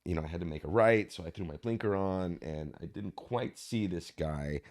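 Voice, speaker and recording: On a podcast, an actor guest talks reflectively at a moderate pace in a low-pitched, somewhat mellow voice. As he tells his stories, he acts out the voices of the people he quotes.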